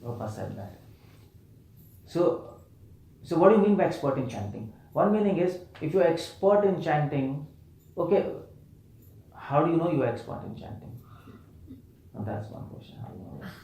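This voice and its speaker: A man's voice: on the high side, sing-song, moderate pace, pauses often, warm tone, a little hiss or hum. A man, preaching a scripture lecture and questioning a live audience, playfully repeating words for emphasis. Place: temple hall. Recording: roomy hall echo.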